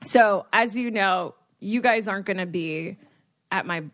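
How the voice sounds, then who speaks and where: A woman's voice: medium pitch, unhurried, no echo. A woman in her thirties co-hosting a podcast, telling stories in casual chat and acting out her parents' lines. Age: 30s. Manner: animated storyteller mimicking her parents. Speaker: podcast co-host.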